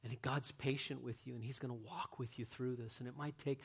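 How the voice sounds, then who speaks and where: A man preaching a sermon as a pastor, earnest, moving from loud emphatic lines to quiet, hushed ones. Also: medium pitch, steady tone, a little fast, vocal fry, slightly rough.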